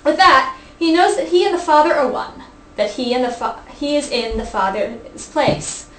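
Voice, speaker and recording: Young female host, high pitched, playful and chatty, reads aloud with restarts; echoey room recording. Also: lively intonation, normal speed. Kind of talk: casual study group reading. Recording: echoey room, faint background hiss.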